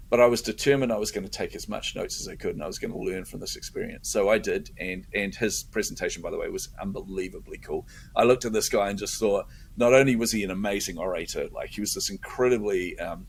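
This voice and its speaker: A man's voice: lowish voice, a little fast, creaky, slight background noise. A middle-aged man tells a story in a casual interview, acting out his own inner voice. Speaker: podcast host telling a story as a guest.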